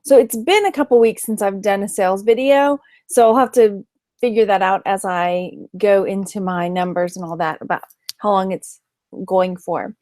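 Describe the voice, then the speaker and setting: A woman's voice: medium pitch, normal speed, darkish tone, no echo, clean studio sound. A woman with a Texan accent chatting casually on a late-night live stream, tired and greeting viewers by name as she goes. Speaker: online reseller doing a live stream.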